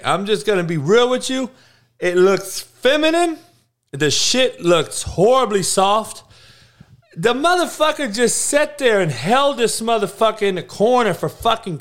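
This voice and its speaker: A man's voice: high-pitched, fairly bright tone. A man hosting his own podcast, ranting in a blunt, heated way with lots of swearing, rambling and restarting his sentences. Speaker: podcast host. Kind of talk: solo podcast rant.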